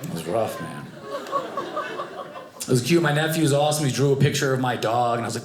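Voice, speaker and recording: A young man doing a stand-up comedy set, animated and acting out the people in his stories. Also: medium pitch, brisk, a crowd in the background. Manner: animated, acts out voices of family and strangers. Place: comedy club stage with live audience. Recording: echoey club room, noisy audience.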